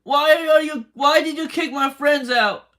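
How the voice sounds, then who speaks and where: A woman's voice: sits high, measured pace, a bit bright. A tearful woman in a motel room, talking in an emotional livestream rant and asking the same pleading questions again and again.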